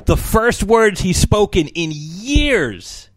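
A man co-hosting a podcast, retelling a movie scene in a casual, animated way with some swearing. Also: high voice, takes it slowly, dry recording. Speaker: podcast co-host.

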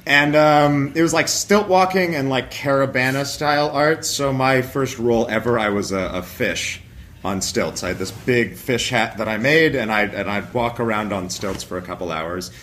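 A young man talking casually about how he got into acting, relaxed and rambling with filler words. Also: mid-range voice, normal speed, slight background noise. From Toronto, Canada. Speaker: actor and improviser. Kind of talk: casual chat.

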